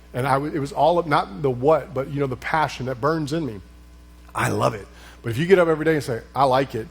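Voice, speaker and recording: A man's voice: a little high, slightly rough. A man pastor teaching a leadership session in a conversational preaching style, joking and firing repeated questions at the room.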